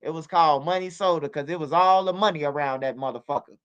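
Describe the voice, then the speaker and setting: A man's voice: fairly high pitch, fast, a bit bright, smooth, dull audio. A man hosting a casual livestream, emphatic, repeating himself and swearing freely. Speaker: streamer and channel host.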